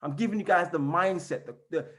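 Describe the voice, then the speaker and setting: A man giving an energetic motivational training on a call, repeating and chanting phrases as he coaches his team. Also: high voice, brisk. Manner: fired-up, repetitive, chanting phrases. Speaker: network marketing trainer. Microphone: call recording.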